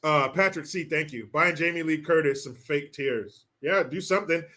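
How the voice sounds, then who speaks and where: A man's voice: on the high side, moderate pace, pushed and bright. A man hosting a live-stream commentary show, reading out viewer messages and mocking people with plenty of swearing. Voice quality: mocking, swearing, breaks into laughter. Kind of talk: casual profane commentary.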